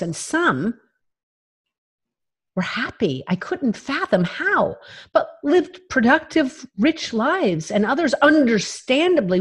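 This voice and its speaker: Her voice is mid-range and slightly rough as she shares her own story as an interview guest. This woman tells it frankly and emphatically, laughing in between phrases, in candid personal storytelling.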